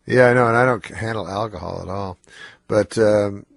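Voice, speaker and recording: A man with a low, gravelly voice speaks on a radio show. He sounds nasal and a bit slurred, stuffed up and worn out, and he delivers everything in a hesitant, deadpan way. The sound is close and dry, with no room around it. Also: a little fast, no room sound. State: tired and stuffed up, on cold medicine. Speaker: comedian guest. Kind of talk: casual radio interview. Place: radio studio.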